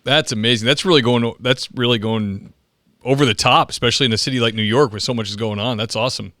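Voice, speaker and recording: A man hosting an interview podcast, giving short encouraging reactions and asking relaxed questions. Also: mid-range voice, fast, no room sound, studio quality. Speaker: podcast host.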